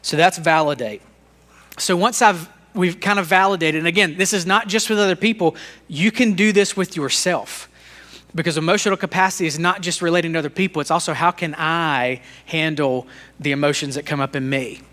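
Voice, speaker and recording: A man's voice: a little high, fairly quick, pushed and bright. A man co-hosting a faith-based leadership podcast, teaching in an earnest, conversational way, sharing his own struggles and often restarting his sentences. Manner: earnest, conversational, self-disclosing; repeats words and restarts sentences. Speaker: podcast co-host.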